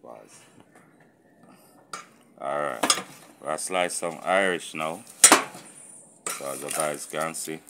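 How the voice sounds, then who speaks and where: A man with a Jamaican accent hosting a casual outdoor cooking vlog, talking to viewers in a relaxed, patois-flavoured way. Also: a bass voice, slow, gravelly, pauses often, heavy background noise. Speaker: cooking channel host. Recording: sizzling pots and clatter behind. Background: frying sizzle and pot clatter.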